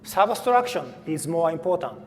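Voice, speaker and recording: A man giving a technical conference talk, speaking haltingly with frequent fillers and restarts. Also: a little high, very animated. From Japan. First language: Japanese. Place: conference hall. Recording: faint hall reverb, light room noise.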